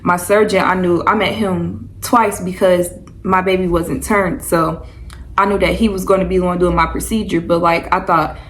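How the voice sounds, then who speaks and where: A woman's voice: fairly low pitch, steady tone, moderate pace, fairly bright tone, poor audio. A young woman telling a personal story to her viewers in a loose, rambling, chatty way. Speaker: vlogger. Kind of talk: casual storytime chat.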